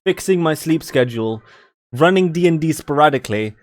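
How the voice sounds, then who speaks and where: A man's voice: on the high side, expressive, brisk. A British man co-hosting a podcast in casual chat, telling stories with laughs and acted-out voices. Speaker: podcast co-host.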